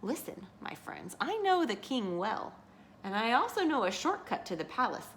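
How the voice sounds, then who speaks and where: A woman voicing a sly, smooth-talking male fox in a storybook read-aloud, overly polite and coaxing. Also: a little high, very animated, normal speed, slight background noise, pitched above the performer's own voice.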